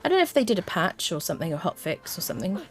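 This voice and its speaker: A woman's voice: fairly low pitch, big pitch swings, rapid-fire, faint music behind. A woman streaming a video game, chatting to her viewers and humming little tunes to herself as she plays. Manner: chats to viewers. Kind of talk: casual live-stream chat while playing.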